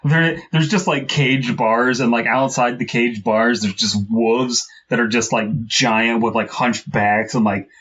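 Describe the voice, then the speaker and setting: A man's voice: medium pitch, fairly even intonation, measured pace, few pauses, a bit bright, slightly rough. A man co-hosting a horror podcast, joking around and slipping into silly accents while reading a story aloud. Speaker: podcast co-host. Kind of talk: casual comedic chat and story reading. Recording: dull lo-fi podcast mic with faint noise.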